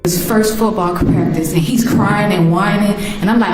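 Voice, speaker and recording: A mother interviewed about her son, telling personal stories in an animated way and acting out the voices. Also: mid-range voice, moderate pace, music in the background. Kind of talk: emotional personal storytelling in an interview. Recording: echoey room.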